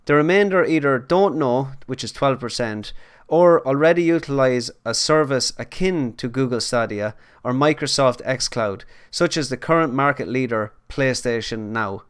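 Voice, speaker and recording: Host guy, smooth clear voice, asks questions and reads out the news bits. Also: medium pitch, moderate pace, hardly any pauses. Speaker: podcast host. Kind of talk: casual chat and news reading.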